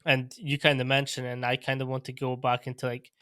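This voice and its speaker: Laid-back Scottish man, crisp dry voice. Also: medium pitch, little pitch movement, fast talker, sharp tone, dry recording. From Scotland. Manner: laid-back, chatty, swears, laughs easily. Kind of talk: casual interview chat.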